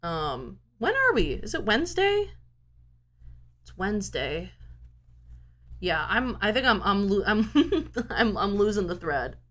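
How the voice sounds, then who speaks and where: A woman game streamer talking casually at home into a desk microphone. Her pitch moves freely up and down as she rambles along and pokes fun at herself. The tone stays easygoing and talkative. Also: very animated, takes it slowly, long pauses, a bit bright. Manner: rambling, talkative, self-mocking. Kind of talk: casual chat.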